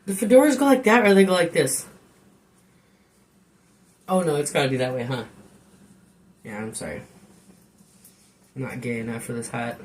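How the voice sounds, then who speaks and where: A woman's voice: extremely low pitch, normal speed, long pauses, darkish tone, slight background noise. Rambling profane woman streaming from her kitchen. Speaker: live streamer. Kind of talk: casual live stream chat. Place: home kitchen.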